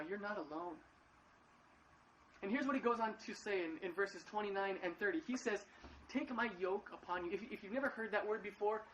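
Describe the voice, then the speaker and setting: A male pastor giving a casual sermon from his living room at home, talking in a halting way and often repeating words. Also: high-pitched, a bit bright, highs cut off, slight background noise. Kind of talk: casual live-streamed sermon.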